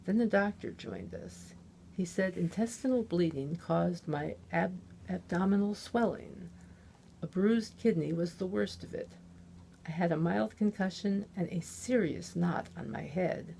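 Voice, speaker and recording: A woman author reading a chapter of her own novel aloud in the first person, in a measured, plain storytelling manner. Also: on the low side, vocal fry, dark tone, slight background noise. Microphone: omnidirectional studio mic.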